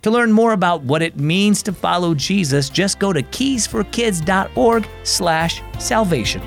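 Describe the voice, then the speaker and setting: Lively male kids' story host. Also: high voice, measured pace, vocal fry, faint music behind. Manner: upbeat, friendly, expressive. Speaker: host and narrator. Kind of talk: children's devotional storytelling.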